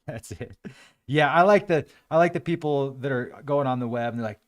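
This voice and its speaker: A man hosting his own show, musing aloud and joking sarcastically as he comments on live webcam footage. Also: medium pitch. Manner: musing, sarcastic, quick to laugh. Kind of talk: casual thinking-aloud commentary.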